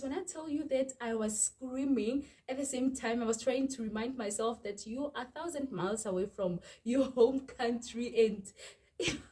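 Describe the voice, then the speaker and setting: A young South African woman with a South African accent, animatedly retelling a story to her viewers in a storytime vlog. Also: a little high. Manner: animated, exasperated retelling, addresses viewers as "you guys". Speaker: vlogger.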